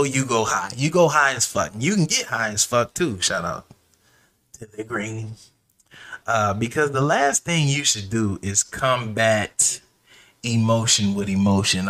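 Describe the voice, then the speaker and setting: A man riffing alone on his podcast in a loose, cussing, slang-heavy way. His voice is bright and forceful, with a lot of push behind it. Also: medium pitch. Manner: animated, profane storytelling with slang and asides. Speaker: podcast host. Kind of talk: casual solo podcast monologue.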